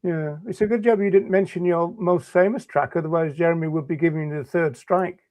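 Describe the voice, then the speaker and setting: A man hosting a live video show, chatty and jokey, talking with some halting restarts on a video call. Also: fairly high pitch, steady tone, a little mellow, dry recording. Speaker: host.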